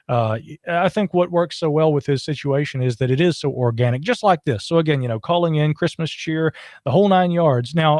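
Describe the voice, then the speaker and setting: A man's voice: fairly high pitch, no echo, studio quality. A man hosting a casual late-night call-in podcast, upbeat and chatty with many fillers. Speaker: podcast host. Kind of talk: casual call-in show chat.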